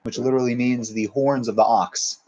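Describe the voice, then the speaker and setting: A man's voice: mid-range voice, steady tone, fairly quick, darkish tone. A man teaching a Torah class as a rabbi, talking his ideas through with frequent restarts and Hebrew terms. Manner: discursive, many restarts, uses Hebrew terms.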